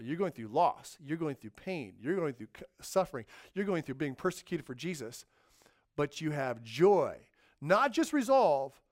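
A man preaching a sermon, animated and acting out voices in his illustrations. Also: on the high side.

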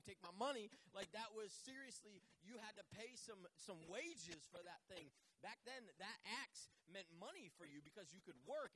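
High, bright-voiced animated preacher man. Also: slight background noise. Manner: animated storytelling, acts out biblical figures in casual voices. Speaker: pastor. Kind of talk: sermon. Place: church.

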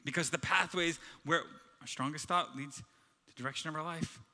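A man's voice: fairly high pitch, a little fast, bright, forceful tone. A man preaching a sermon as pastor, emphatic, driving his points home in repeated rhythmic lists. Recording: reverberant hall with background music.

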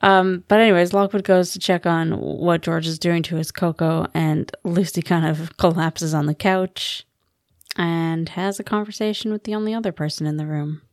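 A woman's voice: lowish voice, steady tone, normal speed, no echo, clean studio sound. A woman co-hosting a podcast, chatting casually about a book and acting out its dialogue with a giggle. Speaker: podcast co-host. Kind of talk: casual book-club chat.

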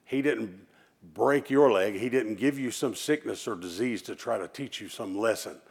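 A man's voice: lowish voice, moderate pace, gravelly, breathy edge. A male pastor preaching a sermon in an emphatic style, leading the congregation in call-and-response and shifting into folksy, conversational asides.

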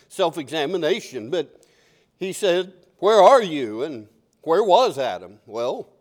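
A man's voice: a little high, darkish tone. An older man preaching a sermon as pastor, conversational and repeating key phrases.

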